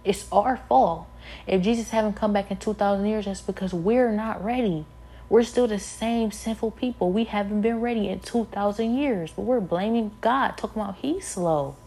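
A weary woman preaching an impassioned sermon. She is emphatic and repetitive, and her talk builds to forceful peaks. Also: mid-range voice.

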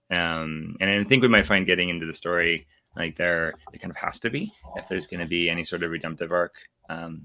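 A man's voice: sits low, gravelly, bright, forceful tone. A man in his thirties hosting a casual book-club podcast, rambling with many restarts and laughing often. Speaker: podcast host.

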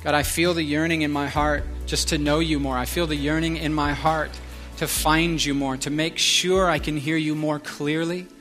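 A man pastoring a church service, leading a fervent prayer with repeated pleas, sometimes hushed. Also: fairly high pitch, flat delivery, moderate pace, few pauses, soft background music. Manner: fervent repeated pleading, soft and hushed at times. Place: church sanctuary.

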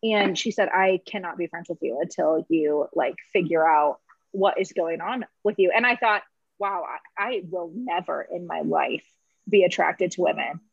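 A young woman on a podcast, telling a personal story in emotional casual chat, halting with many fillers and laughing through tears. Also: lowish voice, gravelly, husky, dry recording. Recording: dull lo-fi sound.

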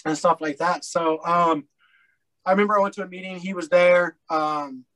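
A man's voice: sits high, fairly even intonation, moderate pace, fairly bright tone, poor audio. A man from Colorado, a podcast guest telling his story in a candid, rambling way, with lots of fillers and blunt swearing. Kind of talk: casual storytelling interview.

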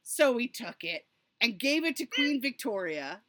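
A woman co-hosting a casual podcast, telling stories in an animated way and breaking into excited laughter. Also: fairly high pitch, unhurried, no room sound. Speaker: podcast co-host.

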